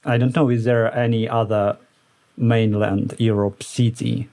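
Mid-pitched man hosting a casual podcast. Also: level tone, a little slow, dark tone. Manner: friendly, laughing, lots of "uh" fillers. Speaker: podcast host. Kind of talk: casual chat.

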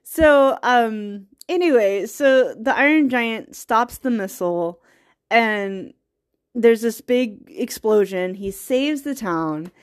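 A woman's voice: fairly high pitch, animated, takes it slowly, clear, resonant tone. A young woman eagerly retelling a film's plot in casual, rambling talk, laughing often and getting teary. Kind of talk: casual movie recap.

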